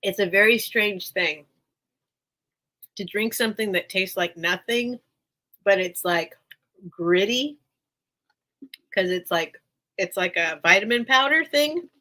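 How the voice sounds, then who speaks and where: A woman hosts a relaxed live-stream sale, talking in loose, rambling chat and laughing often. Her voice is bright and clear, and she sounds a little worn from being unwell. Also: mid-range voice, slow pace, pauses often, low-quality recording. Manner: chatty and rambling, laughs often, repeats herself. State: unwell, recovering from illness. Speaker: online seller hosting a live sale.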